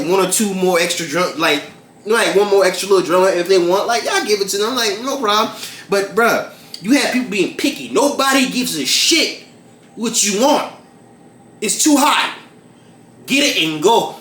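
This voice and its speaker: A man's voice: high voice, pushed and bright, slight background noise. A young man vlogging while he cooks in his home kitchen, rambling through a story with lots of "like" and "bruh" and plenty of swearing, recorded on the camera's own mic. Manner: rambling, profane, fillers like "like" and "bruh". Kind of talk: casual cooking vlog with storytelling. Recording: echoey kitchen room with music. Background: background music.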